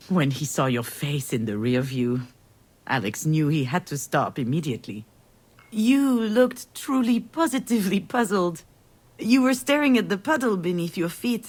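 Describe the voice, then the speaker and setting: A husky, wry middle-aged woman. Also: mid-range voice. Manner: earnest, emotional storytelling. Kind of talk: video game voice acting.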